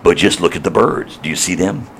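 A man plays a gentle, patient teacher who speaks low and soft. The voice coaxes warmly, with a gravelly texture underneath. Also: sing-song, unhurried, heavily acted.

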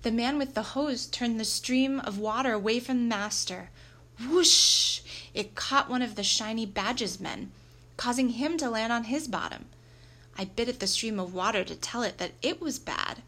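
Lively woman reading a children's book. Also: fairly high pitch, normal speed. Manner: lively, expressive storytelling. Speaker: audiobook reader. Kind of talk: scripted narration of a children's book.

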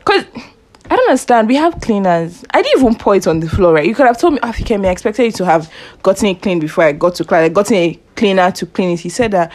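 A young woman hosting a casual podcast chat, telling lively stories about college, quoting people in their own voices and laughing often. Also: mid-range voice, fast talker. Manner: animated storytelling, acts out quoted voices, laughs often. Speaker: podcast host.

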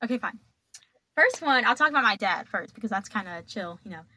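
A woman's voice: mid-range voice, animated, brisk, bright, forceful tone, breathy edge. A young woman telling stories as a podcast guest, chatty and dramatic, laughing as she goes. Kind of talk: casual storytelling.

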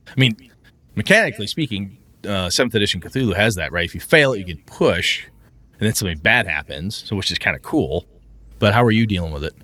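Animated, lively-pitched man chatting. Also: no echo. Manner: animated, breaks into quick character voices. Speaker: game master podcast host. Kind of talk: casual chat.

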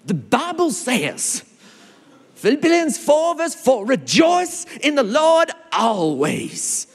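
A man's voice: huge pitch swings, breathy edge, full character voice. A man putting on a preachy American churchgoer. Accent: American, put on. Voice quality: high, sing-song, drawn-out. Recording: long hall reverb.

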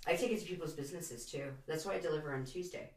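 A woman guest in a casual podcast chat, an animated storyteller who swears freely. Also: deep voice, racing, echoey room, far from the mic.

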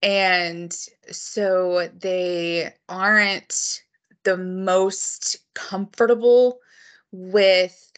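A woman's voice: fairly low pitch, steady tone, drawn-out words. A woman hosting a book podcast, chatting casually with frequent ums and restarts. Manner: chatty, hesitant with many ums. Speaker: podcast host. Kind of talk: casual interview chat.

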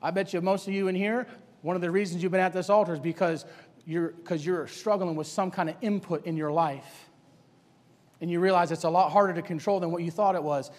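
A man's voice: high voice, fairly even intonation, a little fast, darkish tone. A male preacher delivering a sermon to young people in a church, emphatic and colloquial, firing off rhetorical questions. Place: church sanctuary. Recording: long church hall reverb.

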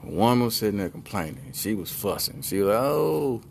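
A man with a lowish voice riffs on odd news stories and drifts into made-up tales. His talk is loose, slangy and rambling, full of jokes, with a faint hiss behind him. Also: animated, fairly quick. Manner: loose, joking, rambling storyteller with slangy speech. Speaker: podcast host reacting to news. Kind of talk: comedic news commentary.

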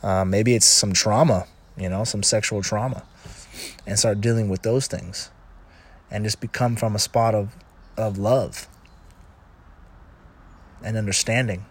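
A middle-aged man with a fairly low voice speaks in a loose, rambling monologue. He restarts his sentences often and drifts into asides. He slips into animated quoted voices when retelling a scene. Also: unhurried, pauses often, breathy edge. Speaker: commentator on relationships. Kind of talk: casual monologue.

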